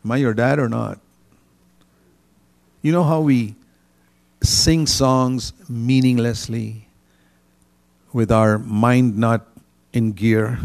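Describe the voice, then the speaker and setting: A man's voice: medium pitch, creaky, a little mellow. An older man preaching a sermon in a conversational way, with bursts of emphasis.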